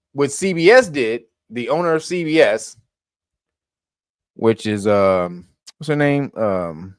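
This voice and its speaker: A man's voice: medium pitch, no echo. Guy doing commentary, cussing a lot, laughing, mocking stuff, dry close mic. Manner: blunt, profane, laughs often, mocking. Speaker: commentary podcast host. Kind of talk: profane casual commentary.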